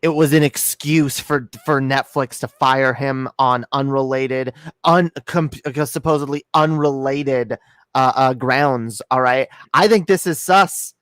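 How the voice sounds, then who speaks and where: A man's voice: medium pitch, a little slow, fairly bright tone, smooth, dry recording, clean studio sound. A man co-hosting a casual livestream, bantering with sarcastic, hyperbolic rants and swearing. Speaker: stream co-host.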